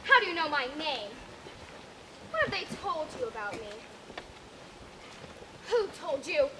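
Woman as cowardly male lion: very high, jumpy, suspicious; noisy live stage tape. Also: very animated, measured pace. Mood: panicky. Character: timid paranoid male lion, easily panicked. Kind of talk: improvised stage comedy scene. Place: theatre camp stage.

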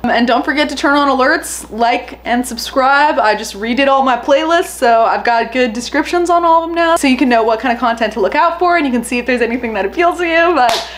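A woman's voice: sits high, a little fast, slight background noise. A young woman hosting her own video channel, talking casually to viewers with many "like" fillers. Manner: chatty, lots of "like" fillers. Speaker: YouTube host. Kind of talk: casual vlog outro.

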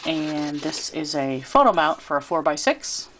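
A woman giving a chatty, relaxed show-and-tell of a handmade craft piece, filming it herself. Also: sits low, a little slow, slight background noise. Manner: chatty and relaxed, with fillers and little asides. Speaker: crafter showing her handmade album. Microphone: camera she handles while filming.

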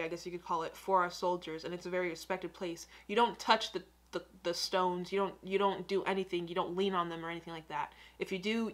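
American girl reacting to a video, lowish voice, rambly chatty vibe, jokes at her own expense. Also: fairly bright tone. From United States. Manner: chatty, rambling, self-mocking asides. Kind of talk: casual reaction commentary.

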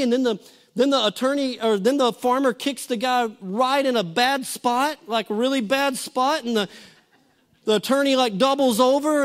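A middle-aged pastor gives a sermon in a church auditorium. His voice sits unusually high for a man, and he talks in a folksy, storytelling way, stumbling and restarting his phrases as he goes.

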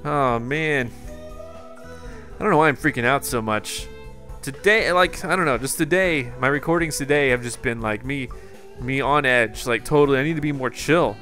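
A young man giving excitable live commentary on a video game, talking to his viewers with jumpy exclamations. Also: mid-range voice, normal speed, faint music behind. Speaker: gaming YouTuber.

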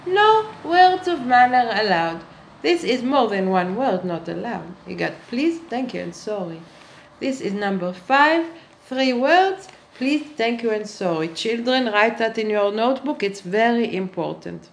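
A woman playing a pompous state spokeswoman who lectures children in a slow, patronizing satirical monologue that spits out "tfu". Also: on the high side, a little hiss or hum. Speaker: satirical character.

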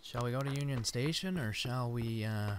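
A man's voice: medium pitch, normal speed. A man commentating on a survival game as he plays, talking to himself and his viewers and swearing often. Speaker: gameplay commentator. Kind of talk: let's play commentary. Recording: with clear background noise.

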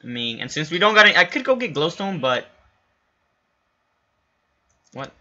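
Excitable young gamer guy, bright lo-fi mic. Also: fairly high pitch, normal speed. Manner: excitable, shouts and swears at game animals. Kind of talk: Let's Play commentary. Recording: lo-fi home recording.

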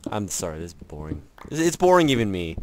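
A low-voiced gameplay commentator talks quickly with big pitch swings, rambling through a casual let's-play with self-mocking jokes and remarks directed at the game and himself. Heavy background noise runs under his voice.

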